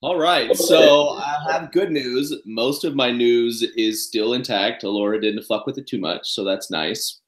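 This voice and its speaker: A man co-hosting a casual podcast, talking in a playful, expressive way. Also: mid-range voice, measured pace, hardly any pauses. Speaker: podcast co-host. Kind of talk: casual chat. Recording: roomy echo.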